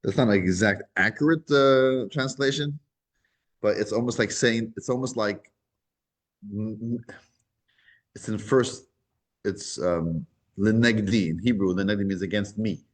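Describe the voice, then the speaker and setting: A man teaching a scripture class, retelling the story with lively animation and acting out the voices. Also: lowish voice, a little slow, long pauses.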